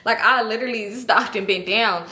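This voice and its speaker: A young woman telling a storytime vlog in casual, slangy style, animated and expressive. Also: fairly high pitch, normal speed. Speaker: storytime vlogger. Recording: echoey room.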